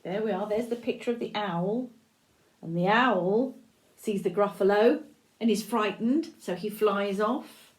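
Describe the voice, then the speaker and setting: An older woman reading a picture book aloud to children, stopping to chat and ask them questions. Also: mid-range voice. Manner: expressive, pauses to chat and ask the listener questions.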